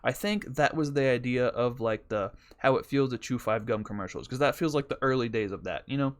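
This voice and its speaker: A man's voice: mid-range voice, fairly quick, smooth. Profane rambling podcast storyteller man. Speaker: podcast host. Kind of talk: casual storytelling.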